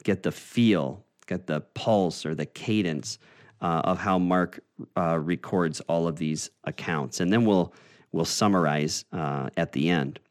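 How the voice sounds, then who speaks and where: Low-voiced man teaching a Bible study. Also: a little slow. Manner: conversational, explanatory, with frequent "uh" restarts.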